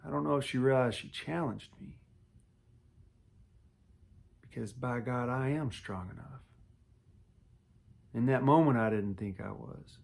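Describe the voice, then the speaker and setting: A man's voice: medium pitch, measured pace, creaky, long pauses. A man telling his own story in a casual, earnest way, speaking straight to the viewer and repeating himself for emphasis. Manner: earnest, repetitive and emotional, talks to the viewer directly. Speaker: storyteller recounting quitting smoking.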